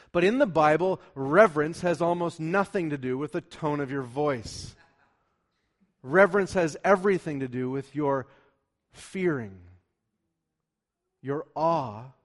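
A male pastor delivering a sermon with real passion, his voice sitting a little above the usual male range. He drops to near whispers for tender appeals, then rises sharply to drive home his points. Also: fairly high pitch. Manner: impassioned preaching, swinging between hushed pleading and loud emphasis.

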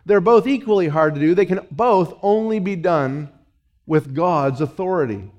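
High-voiced emphatic male preacher. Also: normal speed, muffled recording. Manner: preaching with emphatic repetition, dropping low and soft for quoted lines. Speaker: pastor. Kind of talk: sermon.

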